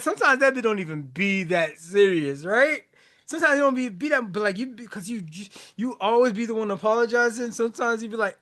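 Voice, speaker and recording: A podcast host talks loosely about a song's lyrics, using slang, repeating himself, and laughing often. His high-pitched voice is very animated and fairly bright, at a moderate pace.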